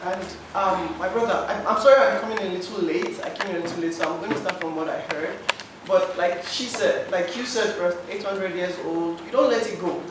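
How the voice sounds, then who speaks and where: A Nigerian man with a high voice speaks a little fast with few pauses, pleading his case emotionally to the room at a public forum. It's an impassioned public comment into a handheld mic, recorded from a distance in an echoey, noisy hall.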